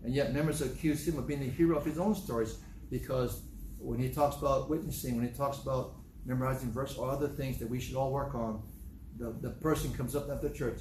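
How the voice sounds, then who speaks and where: A man's voice: medium pitch, fairly even intonation, fairly quick, a little mellow, echoey room, slight background noise, rough recording. A man preaching a sermon as pastor. He repeats phrases and breaks into sudden raised outbursts.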